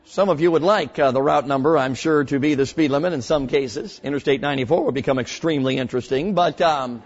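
A man preaching a sermon to young people, earnest and emphatic, slowing down to stress key words and telling stories with short acted voices. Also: medium pitch. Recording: muffled, long hall reverb.

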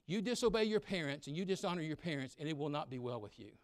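A man's voice: fairly high pitch, no room sound. Man in his sixties preaching a sermon. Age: 60s. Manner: preaching loudly with sudden drops to quiet storytelling; acts out mumbling kids in quick asides.

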